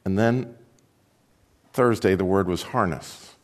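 A male pastor reads a story aloud during a sermon, delivering it in a reflective, storytelling manner. His voice is low and slow.

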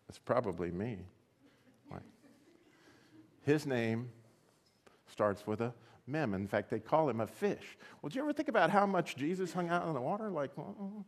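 A man preaching a sermon, animated and building to excited exclamations as he puts rhetorical questions to his listeners. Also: mid-range voice. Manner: asks the audience rhetorical questions.

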